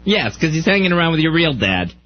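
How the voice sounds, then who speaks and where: A man's voice: on the high side, very animated, fairly quick. A man co-hosting a radio talk show, asking incredulous, probing questions. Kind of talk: radio banter. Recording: dull lo-fi radio broadcast.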